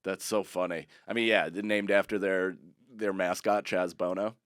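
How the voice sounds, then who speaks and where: A man co-hosting a podcast, tossing in dry, low-key wisecracks and quick replies. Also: steady tone, fairly bright tone, clean tone, no echo. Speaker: podcast co-host. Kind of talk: casual chat.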